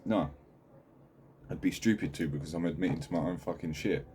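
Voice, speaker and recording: A man speaking candidly in a video diary, halting and full of swearing, sitting at home. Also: sits low, a little mellow, a little hiss or hum. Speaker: channel host.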